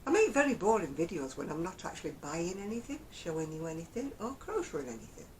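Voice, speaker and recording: A chatty woman with a Northern English Lancashire accent rambles along in a casual vlog to camera. Her pitch rises and falls a great deal, and she often breaks into small chuckles. A faint low rumble sits in the background. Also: big pitch swings, fast talker, poor audio. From Oldham, England. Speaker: crochet vlogger.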